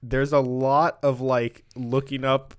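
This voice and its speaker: A man's voice: medium pitch, slow, clean tone. A young man hosting a casual podcast, talking loosely with lots of fillers. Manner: relaxed, filler-heavy talk. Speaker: podcast host. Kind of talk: casual chat.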